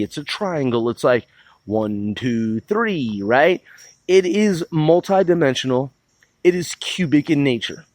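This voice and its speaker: A man's voice: fairly high pitch, no echo. A man ranting in a mocking, profane and combative way, repeating himself as he builds his point. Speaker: vlogger.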